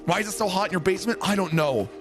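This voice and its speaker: A man's voice: sits high, racing, faint music behind. A young Canadian man with a Canadian accent, streaming a game from his basement office and chatting casually, joking and swearing. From Canada, Greater Toronto Area. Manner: joking, profane, teasing. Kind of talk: casual livestream chat.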